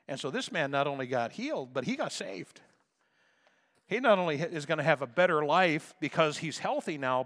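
Man, pastor, emphatic sermon, higher pitch, reverberant hall. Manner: emphatic preaching, swinging from soft to loud.

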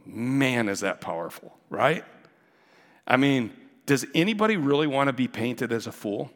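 Male pastor, mid-pitched, chatty and earnest, preaching to a congregation; long reverb from a big church hall. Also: animated, measured pace, a bit bright. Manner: conversational and earnest, many fillers and asides. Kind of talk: verse-by-verse sermon.

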